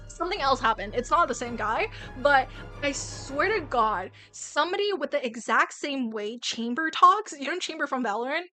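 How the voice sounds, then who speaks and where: A young woman streamer telling a story time in a casual, animated way, swearing often and restarting sentences. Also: sits high.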